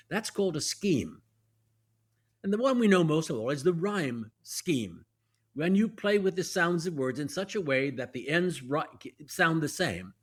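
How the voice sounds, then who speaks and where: A man who is a guest actor and professor, explaining verse in a teacherly way, step by step, in a podcast conversation. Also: on the high side. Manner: teacherly, lively, walks through examples step by step.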